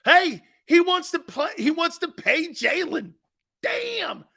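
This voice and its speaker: A man's voice: very high voice, sing-song, slow pace, creaky, pushed and bright. A middle-aged man hosting a sports talk radio show, brash and mocking, talking back to his listeners. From United States.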